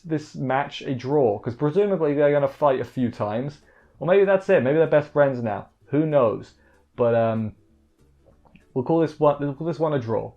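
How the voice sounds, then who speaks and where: A man recapping an anime episode in a casual, rambling way, wry and full of fillers and restarts. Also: mid-range voice. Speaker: anime reviewer. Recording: dull lo-fi mic with faint music.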